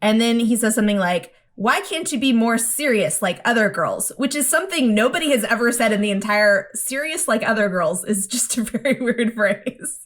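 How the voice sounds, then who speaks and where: A woman with a fairly high voice co-hosts a casual podcast. She retells cartoon scenes with lively energy, slipping into playful voices for each quoted character. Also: moderate pace, few pauses. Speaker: podcast co-host. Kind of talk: casual chat recapping a cartoon.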